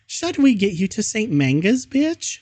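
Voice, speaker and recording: Guy putting on a squeaky goth girl voice, high and shrill, super dry sound. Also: sing-song, measured pace, darkish tone, no echo, heavily acted. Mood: shrieking. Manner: squealing, breathless. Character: shrill gothic teenage girl narrator.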